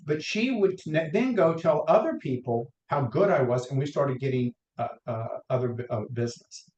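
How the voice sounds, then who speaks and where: A middle-aged mortgage lender from North Carolina, Southern-accented and guesting on a podcast interview, spins long career stories full of restarts, acting out the quotes as he rambles. His mid-range, darkish voice is expressive and moves at a normal speed. The sound is lo-fi with a roomy echo.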